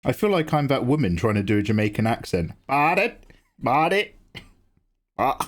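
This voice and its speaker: A man's voice: expressive, quick pace, darkish tone. A grown man hosting a live drawing stream, chatting casually and teasing viewers as he answers chat. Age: adult. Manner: chatty, teasing replies to chat, jumps up in pitch when greeting viewers. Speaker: livestream artist and host.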